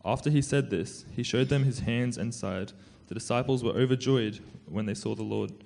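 A man narrating scripture aloud to a church in a measured, solemn way. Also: medium pitch, creaky, a little mellow, a little hiss or hum. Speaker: scripture reader. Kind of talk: dramatic scripture reading.

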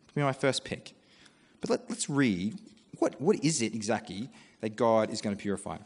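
A man with an Australian accent preaches a sermon in a conversational, animated way. He breaks off into quoted asides. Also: lowish voice, moderate pace. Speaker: pastor. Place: church. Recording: long church reverb.

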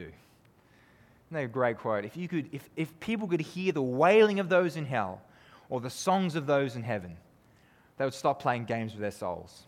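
A man preaching a sermon, earnest and conversational, who keeps asking his listeners tag questions and swings from emphatic peaks down to low, quiet lines. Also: lively intonation, moderate pace. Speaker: pastor. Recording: long reverb of a hall.

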